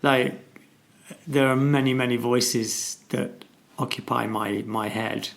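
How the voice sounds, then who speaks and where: Reflective man co-host with gravelly voice. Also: medium pitch, fairly even intonation, fairly bright tone. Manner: reflective, hesitant, halting phrasing with ums. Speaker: podcast co-host. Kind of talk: casual conversational discussion.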